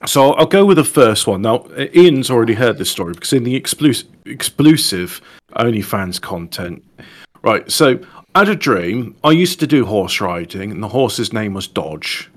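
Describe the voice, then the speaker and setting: A man's voice: medium pitch, sing-song, normal speed. Man rambling through a story. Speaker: co-host. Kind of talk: casual chat.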